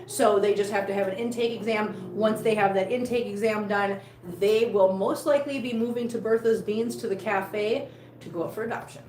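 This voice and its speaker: A woman's voice: medium pitch, steady tone, normal speed, a little mellow, reverberant, slight background noise, poor audio. A woman chatting casually on a live stream from home, laughing often and cooing at her cats. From Missouri, USA. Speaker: cat vlogger.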